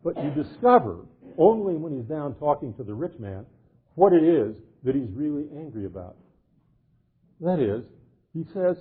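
An older male professor lectures with jovial energy, slipping into the voices of the characters he quotes and reading old verse aloud. His voice sits a bit high and has a husky edge. The recording sounds thin and tinny, like a phone line. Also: big pitch swings, normal speed. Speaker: literature professor. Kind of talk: animated lecture retelling a medieval tale.

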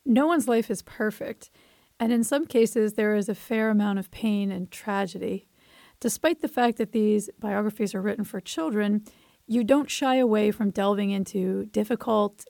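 A woman interviewer asking measured, inquisitive questions about writing biographies. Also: medium pitch, creaky, a little mellow, dry recording.

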